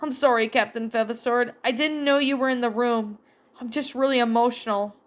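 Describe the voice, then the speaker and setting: A woman's voice: fairly high pitch, steady tone, a little fast, voice pushed up, lightly acted. A woman reading a fan story aloud, voicing a tough young woman survivor who is grieving. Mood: sorrowful.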